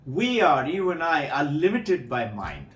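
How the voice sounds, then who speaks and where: Male spiritual teacher addressing devotees; lively storyteller, slightly high pitch, roomy echo. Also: measured pace. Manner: animated storytelling, acts out voices in parables.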